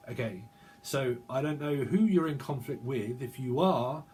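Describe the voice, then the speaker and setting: A man's voice: mid-range voice, measured pace, a little mellow, slight background noise. A man giving a channelled tarot reading, rambling and repeating words over and over in long chanted strings. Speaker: tarot reader.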